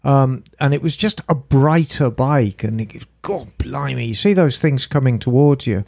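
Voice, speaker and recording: Animated older man telling stories. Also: mid-range voice, normal speed, creaky. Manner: animated storytelling. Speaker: co-host. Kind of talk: casual chat.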